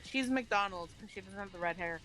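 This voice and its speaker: A woman's voice: mid-range voice, fairly quick, a bit bright, soft background music. Mid-voiced woman, joking player. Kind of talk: casual chat.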